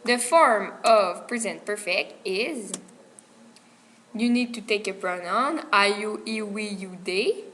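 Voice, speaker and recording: A woman student presenting a grammar lesson, reading her prepared explanation carefully and deliberately. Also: medium pitch, a bit bright, a little hiss or hum.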